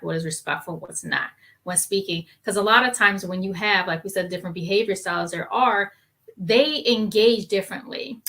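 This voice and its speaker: A woman's voice: mid-range voice, fairly bright tone. A woman co-hosting a talk show panel, giving earnest advice in casual chat. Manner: earnest, advice-giving, quotes herself in asides.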